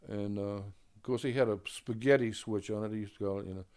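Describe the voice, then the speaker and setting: This older jazz musician tells his early-career stories briskly, in a clean, darkish tone with fairly even intonation. He's casual and long-winded, full of "man" and "you know," and acts out quotes with a raised pitch.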